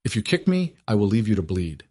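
A man voicing a fierce, commanding young wife who gives sharp, urgent orders. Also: on the low side, sing-song, a little fast, slightly rough.

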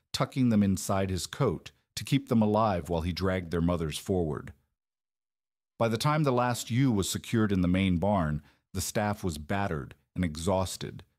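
A man narrating a scripted story in a steady, even way. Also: fairly low pitch, no room sound, studio quality.

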